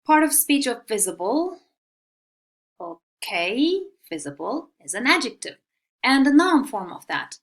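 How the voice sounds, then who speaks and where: Slow, clear-spoken woman teaching vocabulary. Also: on the high side, big pitch swings. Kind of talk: recorded online vocabulary lesson.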